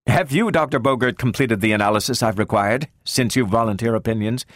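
A man voicing a sharp, cold woman scientist. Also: mid-range voice, fairly quick, dry recording, studio quality, voice pushed up, lightly acted. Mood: cutting. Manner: cutting, precise, insistent. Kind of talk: audiobook character reading.

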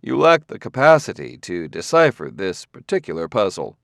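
A man's voice: low voice, very animated, moderate pace, creaky, a bit bright, no echo, studio quality, exaggerated voice. A male audiobook reader voicing a stern, tired middle-aged detective who reasons tersely. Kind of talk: audiobook character voice.

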